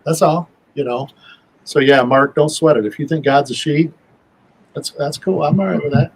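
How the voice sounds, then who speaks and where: A man's voice: a little high, fairly even intonation, normal speed, slightly rough, low-quality recording. A man talking as a guest on a show, in a folksy, rambling way with many fillers and restarts. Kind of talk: casual chat.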